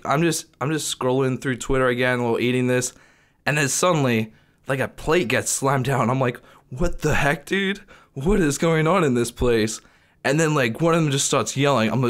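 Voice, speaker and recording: A young man vlogging, retelling a strange restaurant visit in a casual, animated way, with lots of "like". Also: mid-range voice. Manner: animated retelling, heavy use of "like". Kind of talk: casual storytelling to camera.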